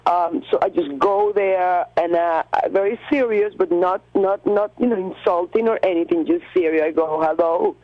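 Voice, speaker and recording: A woman from Cuba, a radio guest, recounting an encounter in an animated, halting way with many restarts and fillers. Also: lowish voice, no room sound, highs cut off. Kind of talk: phone-in storytelling.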